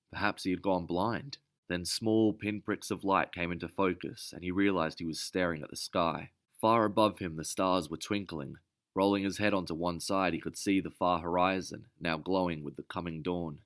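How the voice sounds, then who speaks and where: Deep, bright-voiced male narrator. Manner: steady, measured storytelling. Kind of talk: scripted audiobook narration.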